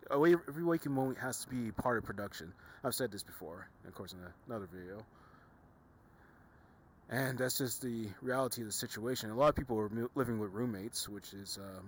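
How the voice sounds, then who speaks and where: Rambling low-voiced young man vlogging. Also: a little hiss or hum. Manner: rambling, self-correcting, tired. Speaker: YouTuber. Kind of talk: casual vlog monologue.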